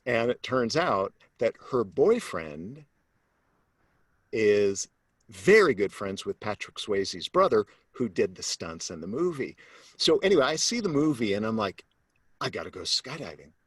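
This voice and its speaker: A man, a sales coach, telling a personal story as an interview guest, animated and acting out the voices of the people in it, then turning low and earnest to make his point. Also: unhurried, slightly rough, dry recording. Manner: animated storyteller who acts out quoted voices; drops to a low, earnest tone when making a point.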